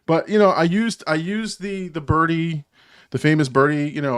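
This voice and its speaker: A man's voice: fairly high pitch, moderate pace, a bit bright, smooth. A man with a New Jersey accent hosts a live stream and chats casually with his viewers. He rambles from one thing to the next and chuckles often as he talks.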